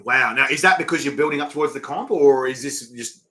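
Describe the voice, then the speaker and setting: A man, hosting a casual interview and telling animated stories. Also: medium pitch, a little fast. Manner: chatty storyteller, animated, acts out quotes. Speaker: interviewer and chilli event organiser. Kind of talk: casual chat. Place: online video call.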